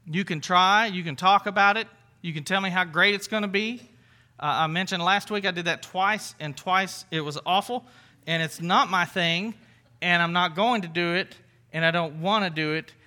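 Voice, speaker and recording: A pastor with a high, bright voice delivers a relaxed, conversational sermon at a normal speed. He speaks earnestly, often repeating or restarting phrases, and draws on light everyday examples.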